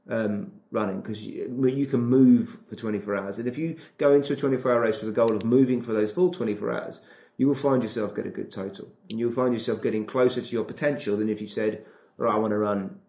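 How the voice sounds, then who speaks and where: Male coach, animated podcast guest, mid-pitched voice, echoey room. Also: vocal fry. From Britain. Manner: animated, acts out his inner dialogue. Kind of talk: casual podcast chat.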